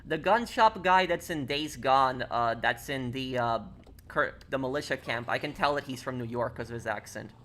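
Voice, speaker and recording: A man with a slightly bright, mid-range voice streams a game and chats casually at normal speed. He reads viewer chat aloud, with lots of fillers and restarts along the way.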